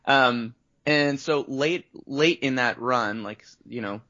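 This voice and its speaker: A man's voice: medium pitch, takes it slowly, bright, forceful tone. A Canadian man in his thirties, a voice actor guest, telling rambling stories in a casual interview and acting out the lines he quotes. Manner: rambling storyteller, acts out quotes. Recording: dull lo-fi audio.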